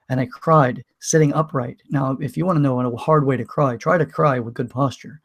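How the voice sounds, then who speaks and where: A man candidly recounting a painful personal story in a vlog, emotional, with many restarts and pauses. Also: medium pitch, fairly even intonation. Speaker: vlogger.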